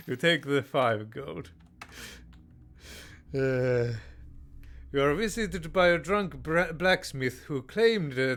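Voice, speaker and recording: Reading a text strategy game aloud, this man comments haltingly, full of fillers and restarts, and tosses out playful mock-tyrant rulings. His voice is mid-range with a fairly bright tone.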